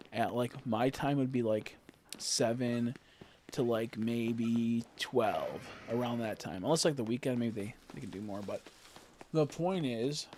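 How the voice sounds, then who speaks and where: A male streamer in relaxed, rambling chat, his voice sitting in an ordinary middle range. A faint hiss and the click of keys sit under his talk at the desk mic. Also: mid-range voice. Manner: rambling, joking, heavy filler words. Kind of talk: casual live-stream chat.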